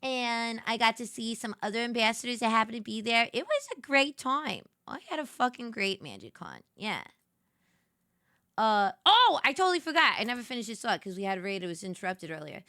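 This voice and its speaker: Bright bubbly woman streamer. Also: on the high side, sing-song, fairly quick, no room sound, clean studio sound. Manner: bubbly and gushing, sudden squeals and soft whispers. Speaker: VTuber streamer. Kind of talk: casual late-night stream chat.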